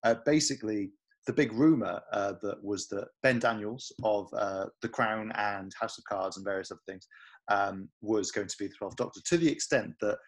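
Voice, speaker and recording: A man co-hosting a podcast, chatting casually and quickly with lots of fillers and hedges. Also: fairly low pitch. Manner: fast, chatty, hedging with fillers. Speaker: podcast co-host. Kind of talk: casual chat.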